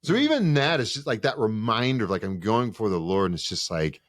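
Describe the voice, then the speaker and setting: A seminarian talking in a casual podcast chat, telling stories with lively acted-out dialogue. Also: male voice, fairly low pitch, fairly quick, no room sound, clean studio sound. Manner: animated storyteller who acts out quoted dialogue.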